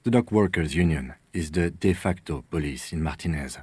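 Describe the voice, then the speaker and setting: A man playing a calm, formal police lieutenant who speaks in a precise, measured way. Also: rumbling low, breathy edge, dry recording, full character voice.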